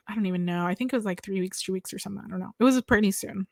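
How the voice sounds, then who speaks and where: A woman's voice: mid-range voice, brisk, no room sound. A young woman, a podcast guest, telling her personal story and animatedly acting out the people she quotes. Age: young adult. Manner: animated, acts out quoted voices, talks with hands. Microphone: lavalier mic.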